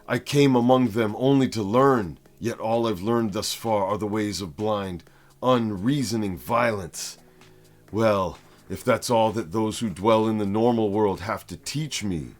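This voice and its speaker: A man's voice: on the low side, unhurried, faint music behind, lightly acted. A man reading as a brooding young mutant outcast. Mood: indignant. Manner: earnest, plain reading without accent.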